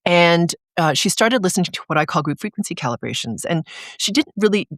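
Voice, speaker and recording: An interview guest who works as an energy coach, explaining ideas and telling a client's story in a casual, animated way, often filling with "like". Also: mid-range voice, a little fast, no echo, clean studio sound. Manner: animated storyteller, frequent "like" fillers.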